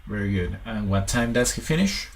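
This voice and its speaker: Patient English tutor, gravelly voice. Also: male voice, fairly low pitch, expressive, moderate pace, poor audio. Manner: patient, switches to Spanish to explain. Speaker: English teacher. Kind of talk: one-on-one English lesson.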